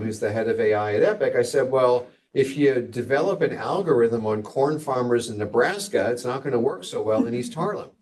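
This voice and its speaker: A man's voice: medium pitch, a little mellow, recorded from a distance. A man giving a hospital grand rounds lecture as a physician, conversational and digressive with wry asides.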